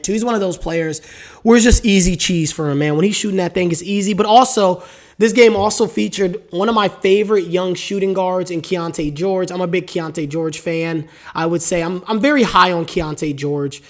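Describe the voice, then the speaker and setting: A man's voice: sits high, fairly quick. A man hosting a solo sports podcast, talking casually with strong opinions and a rambling, repetitive way of speaking, while he has the hiccups. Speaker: podcast host.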